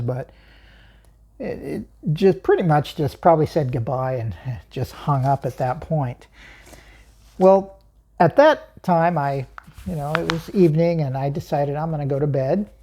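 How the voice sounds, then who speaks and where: A woman's voice: sits low, mellow. A woman hosting her own channel, telling a personal story in an emphatic way, chuckling often and asking herself questions.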